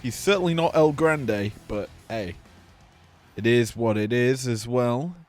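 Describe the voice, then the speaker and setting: A man's voice: medium pitch, unhurried, a little mellow, soft background music. A man doing casual play-by-play commentary, full of joking, offhand asides.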